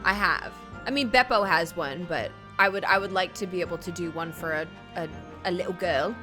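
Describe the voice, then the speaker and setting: A woman's voice: lowish voice, fairly quick, music in the background. A playful young woman chatting casually through a game playthrough. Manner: playful, giggly. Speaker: game streamer.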